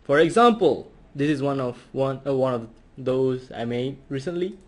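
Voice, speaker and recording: A man's voice: mid-range voice, expressive, moderate pace. A man hosting a casual home tutorial, hesitant and full of fillers. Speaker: tutorial host.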